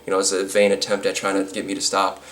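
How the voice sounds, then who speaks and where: A man's voice: sits low, monotone, fast, fairly bright tone, slight background noise. A man telling a storytime vlog, rambling with lots of fillers and restarts, with a sarcastic edge. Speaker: vlogger.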